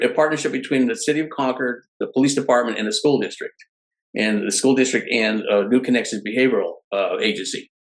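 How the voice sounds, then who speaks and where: A man's voice: medium pitch, poor audio. A middle-aged man, a podcast guest, telling stories in casual conversation, often restarting his phrases. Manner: animated storyteller who restarts phrases often.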